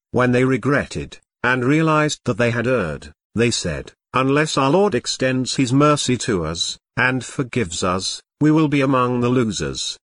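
A man recites scripture in English translation, with slow and solemn pacing. His pitch sits in the middle range. The recording is close and dry, with no room sound. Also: dry recording. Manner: slow, measured, solemn phrasing.

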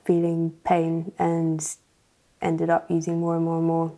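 Woman, church testimony guest, hesitant and filler-heavy, low gravelly tone. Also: monotone, measured pace. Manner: hesitant, soft-spoken, many fillers. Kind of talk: personal testimony interview.

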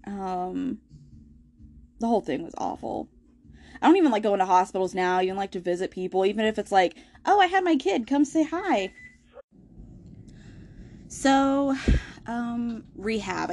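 With a medium-pitched, somewhat dark voice and slight background noise, a young adult woman hosting a podcast opens up about a difficult personal experience. She's candid and casual, cursing freely and laughing her way through the bleak moments.

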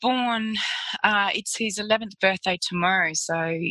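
A woman's voice: mid-range voice, measured pace, sharp tone, dry recording, low-quality recording. An Australian woman, a photographer, chatting as an interview guest and telling stories with frequent laughter. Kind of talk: casual storytelling interview.

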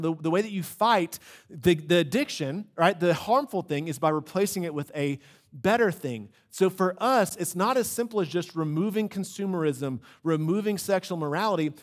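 Chatty pastor, slightly high voice. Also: male voice. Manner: conversational, lots of "like" and restarts; acts out quoted voices, shouting in bits. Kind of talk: sermon.

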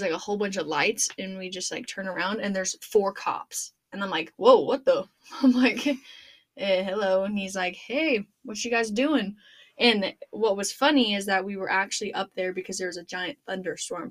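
A young woman hosting a podcast, telling a funny story in casual chat, animated and laughing, full of "like". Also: medium pitch, brisk. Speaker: podcast host.

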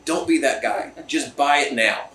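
A man's voice: medium pitch, a little slow, sharp tone. A man hosting a casual, enthusiastic, joking tasting chat at a distillery. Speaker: host. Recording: roomy, from a distance.

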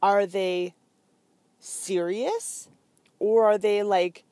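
A woman's voice: medium pitch, steady tone, very slow, mellow, no room sound. A woman talking as a fitness business coach in a casual, chatty way, full of fillers and emphatic asides.

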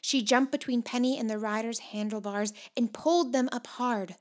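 Expressive woman reading a storybook. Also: a little high, moderate pace. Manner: expressive, shifts between hushed whispers and loud excited calls. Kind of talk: scripted storybook narration.

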